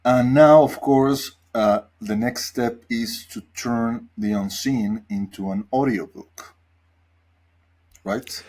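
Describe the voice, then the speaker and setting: A man's voice: medium pitch, slow pace, darkish tone. A man hosting an interview, prompting his guest with short questions. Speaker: podcast host.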